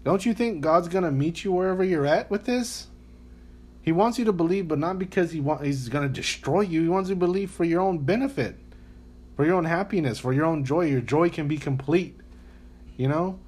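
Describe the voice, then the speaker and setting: A man's voice: fairly high pitch, darkish tone. A man hosting a casual faith podcast, talking earnestly and a little like a preacher. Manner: earnest, preachy, acts out quotes. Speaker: podcast host.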